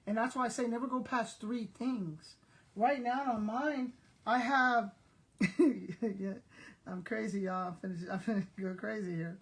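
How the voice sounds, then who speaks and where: In a rough recording, an older woman with a slightly high, breathy-edged voice takes her time telling stories. She sells and vlogs online, chatting and laughing as she talks directly to her viewers.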